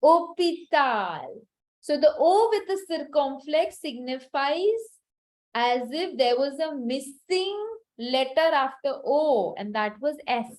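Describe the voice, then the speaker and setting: A woman's voice: high voice, lively intonation, takes it slowly, darkish tone, rough recording. A woman teaching a French class online over a video call, patiently repeating each word for her students to drill.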